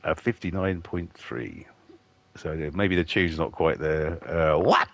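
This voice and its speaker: A man with a very deep, low-pitched voice, commentating a race in a loose, chatty way. He is jovial and laughs easily, bantering between remarks. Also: expressive, measured pace, gravelly, a bit bright, no echo, muffled recording. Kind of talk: casual live race commentary.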